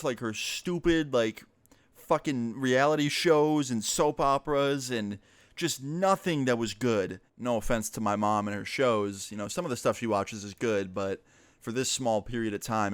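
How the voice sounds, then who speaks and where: A young man recounts a story from his teens in a loose, casual way, swearing freely and wandering through fillers. His voice sits at an ordinary middle pitch. The sound is close and dry, with no echo at all. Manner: casual, profane, rambling with fillers. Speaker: vlogger.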